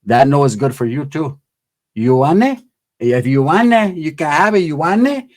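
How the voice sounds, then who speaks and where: A man voicing a gruff, laid-back immigrant father with a Mexican Spanish accent, speaking slow broken English mixed with Spanish. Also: on the high side, expressive, natural voice. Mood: menacing.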